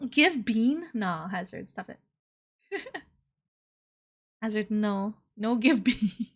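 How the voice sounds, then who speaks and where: A young woman streamer in casual live chat, excitable and loud, laughing often. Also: a little high, slow, pauses often.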